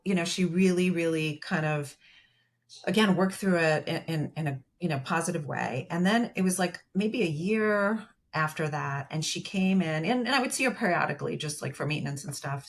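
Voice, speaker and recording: Woman therapist, podcast guest, lowish voice, chatty, filler-heavy explainer. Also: moderate pace. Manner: explains at length with many fillers, retells client dialogue. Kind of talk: conversational podcast interview.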